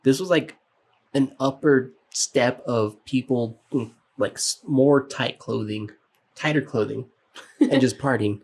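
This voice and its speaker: A young man adds details to a shared story on a casual podcast. He talks in a relaxed, halting way and fills in with short agreements. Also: medium pitch, a little hiss or hum. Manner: laid-back, halting, chimes in with short agreements. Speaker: podcast co-host. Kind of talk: casual chat.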